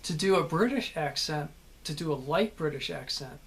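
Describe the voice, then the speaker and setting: A man's voice: a little high, lively intonation, moderate pace, gravelly, a bit bright. American man giving a casual acting lesson. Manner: conversational, explanatory, checks in with "okay?". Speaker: actor teaching character work.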